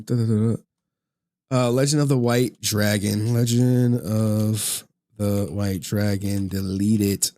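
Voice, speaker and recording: A man streaming live, giving commentary in an animated, exasperated rant with frequent swearing. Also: fairly high pitch.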